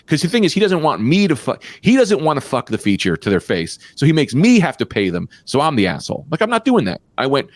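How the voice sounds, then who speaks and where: Man, comedy podcast co-host, animated profane rant, lively swooping pitch, dry close sound. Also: dry recording. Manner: animated, profane, quick rants with pitch jumps. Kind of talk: casual storytelling chat.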